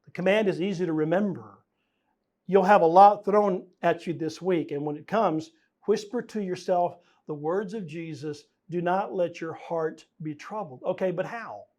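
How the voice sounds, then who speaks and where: A man with a fairly high voice preaches a sermon. He is earnest and conversational, pausing often and leaning hard on the words he wants to stress. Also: a little mellow. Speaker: pastor.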